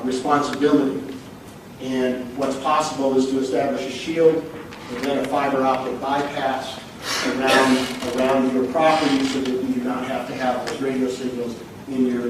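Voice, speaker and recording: Flat-toned man answering questions in a hall. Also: medium pitch. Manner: measured, explanatory, level delivery. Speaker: scientist answering audience questions. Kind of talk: public lecture Q&A. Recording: echoey hall, distant mic, background noise.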